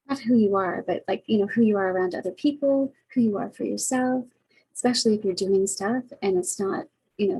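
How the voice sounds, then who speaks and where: Caregiver vlogger, middle-aged woman, husky dark tone, reflective and earnest, speaks to her webcam. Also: mid-range voice, rough recording. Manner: earnest, reflective, many fillers. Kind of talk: casual heartfelt talk to camera. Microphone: webcam, facing camera.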